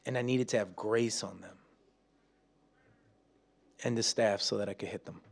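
A man preaching a sermon, telling stories with laughs and acting out quotes, dropping soft and slow for prayer. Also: lowish voice, vocal fry. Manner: animated storytelling with laughs and acted-out quotes; drops soft and slow when praying aloud.

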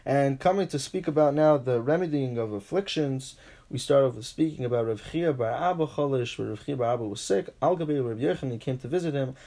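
A man teaching a Talmud class, reading each line and paraphrasing it in English, animated, with frequent restarts. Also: brisk. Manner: animated, pitch jumps for emphasis.

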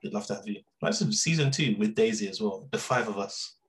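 A young man co-hosting a podcast, chatting casually and telling stories in animated slang. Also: on the low side, a little fast. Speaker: podcast co-host. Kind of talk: casual chat.

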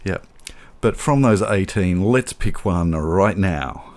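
A man's voice: deep voice, expressive, takes it slowly, darkish tone. A man co-hosting a podcast, chatting casually about films and often repeating words as he talks. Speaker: podcast co-host. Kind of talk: casual film chat.

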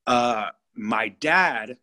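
Speaking extremely slowly with a medium-pitched voice, a California man in his thirties recounts a personal story as an interview guest. The conversation is casual, and he comes across as animated, blunt, profane and often repetitive.

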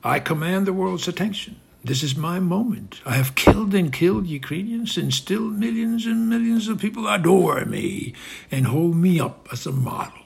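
Man doing a gravelly gloating strongman dictator. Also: sits high, lively intonation, normal speed, voice pushed up, exaggerated voice. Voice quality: gravelly, very husky. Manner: boastful and scornful, drops into rasping whispers. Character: gloating ruthless male strongman leader, boastful. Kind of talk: satirical monologue.

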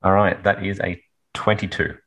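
Deep husky quick-talking player guy, asks stuff fast. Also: fairly even intonation, fairly bright tone. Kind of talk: casual tabletop play.

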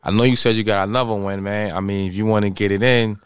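A man's voice: fairly low pitch, fairly even intonation, fast talker, clear, resonant tone, no echo, studio quality. A man co-hosting a casual talk show, laid-back and affirming, steering the segments. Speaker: podcast co-host. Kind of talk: casual chat.

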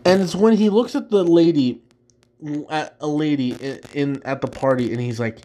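A man hosts a casual solo show about films, thinking aloud as he talks. He rambles through restarts and laughs easily. His voice sits a little high for a man. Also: normal speed, mellow, a little hiss or hum. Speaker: host. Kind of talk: casual solo chat ranking movies.

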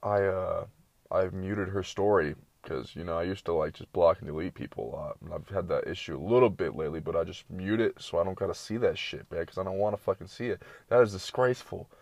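A young man with a deep, low voice tells a loose, profanity-laced story and drifts from tangent to tangent. His delivery is slangy and casual, like a late-night ramble. The recording is dry and close. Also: fairly quick, gravelly, a little mellow, no room sound.

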